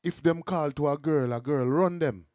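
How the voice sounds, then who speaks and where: A man's voice: a little high, normal speed, darkish tone, no room sound, clean studio sound. A middle-aged man with a Jamaican accent, explaining his views earnestly in casual podcast chat. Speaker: podcast host.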